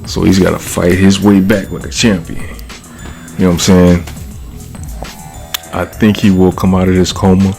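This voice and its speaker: Low, gravelly man riffing casually. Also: flat delivery, normal speed, long pauses, a little mellow, faint music behind. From California. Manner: slangy, profane, laughs often, repeats "you know what I'm saying". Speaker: vlogger. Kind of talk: casual commentary monologue.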